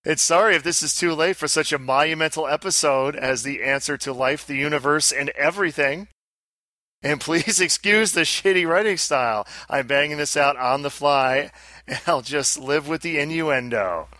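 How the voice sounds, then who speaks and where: A man hosting a casual podcast, playful and teasing, tossing in quick asides. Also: fairly high pitch, pushed and bright, no room sound, clean studio sound. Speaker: podcast host.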